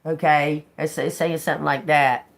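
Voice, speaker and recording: A woman with a deep voice, fairly even intonation, and vocal fry gives a tarot reading on a live stream. She muses slowly, repeats words as she reads them, and chats casually, swearing and laughing with viewers.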